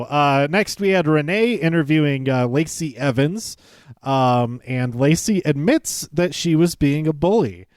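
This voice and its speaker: With a voice on the high side, a male podcast host walks casually through a show recap, chatty, chuckling often, stumbling over words and interrupting himself. He acts out quoted lines in livelier voices. The audio is clean studio sound with no room sound.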